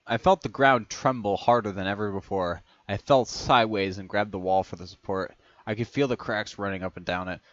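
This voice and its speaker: A man reading a first-person story aloud in a casual way, often stumbling on words, restarting them and clearing his throat. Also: fairly low pitch, dry recording. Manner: reads in first person, stumbles and restarts on words, breaks into long fits of laughter. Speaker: reader of fan fiction. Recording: dry, slightly dull home recording.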